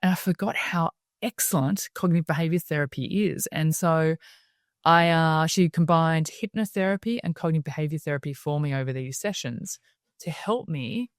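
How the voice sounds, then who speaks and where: An Australian woman speaking as a podcast guest, telling stories in a lively, chatty way and laughing often. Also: low voice, normal speed, dry recording, studio quality. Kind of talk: casual interview storytelling.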